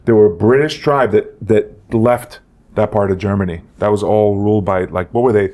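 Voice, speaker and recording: A man's voice: on the low side, moderate pace, darkish tone. A man co-hosting a casual comedy podcast, rambling and joking as he lectures on history trivia. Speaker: podcast co-host.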